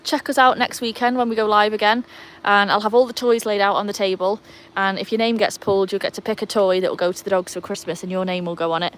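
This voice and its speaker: A woman's voice: medium pitch, fairly even intonation, fast talker, few pauses, fairly bright tone. A woman hosting a casual livestream in her garden, chatting to viewers while fussing over her dogs. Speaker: livestream host. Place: outdoor garden.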